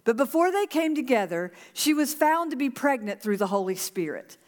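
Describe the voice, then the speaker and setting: A woman's voice: high-pitched, big pitch swings, normal speed. Earnest woman pastor preaching in a reverberant church. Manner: earnest, rallies the congregation to repeat a prayer. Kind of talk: sermon. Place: church sanctuary.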